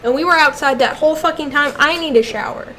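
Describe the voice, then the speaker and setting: A young adult woman streamer chatting casually while she plays, ranting with heavy swearing and switching to soft baby talk with her dog. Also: high voice, fast talker, a little hiss or hum, rough recording. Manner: exasperated, heavily profane ranting. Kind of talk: casual live-stream chat.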